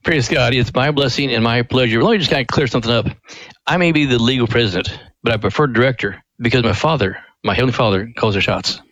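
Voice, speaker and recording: An older man from Missouri tells a family story in a folksy, unhurried way. He speaks at a middle pitch, and his voice is close and dry with no room sound. He is earnest and devout, and he brings quoted people to life as he goes. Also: a bit bright, no room sound, rough recording. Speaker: ministry director, guest.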